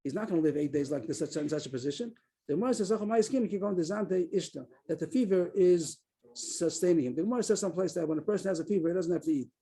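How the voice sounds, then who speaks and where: Fast-talking man teaching on a video call. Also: high-pitched, dark tone, breathy edge. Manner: explains quickly, repeats phrases, reads Aramaic text aloud. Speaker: Talmud teacher. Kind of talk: Daf Yomi class on a video call.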